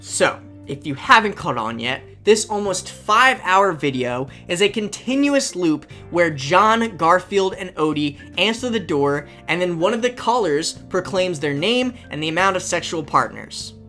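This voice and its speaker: A woman hosting a reaction commentary video, animated and sarcastic with sudden exclamations. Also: fairly low pitch, measured pace, few pauses, faint music behind. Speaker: host.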